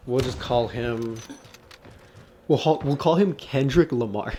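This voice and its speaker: A young man tells a story from his job in a loose, casual vlog style, swearing a lot and laughing at his own jokes. His voice sits at an ordinary pitch for a man. A faint hiss of noise runs under the recording. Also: normal speed, mellow. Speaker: vlogger.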